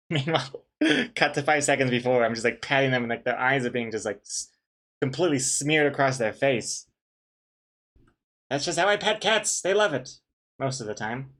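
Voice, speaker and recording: A man's voice: medium pitch, lively intonation, normal speed, long pauses, a bit bright. A young man on a live stream, chatting casually while drawing a comic, reading out viewer messages and poking fun at himself. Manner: rambling, self-mocking, reads out chat messages and greets viewers.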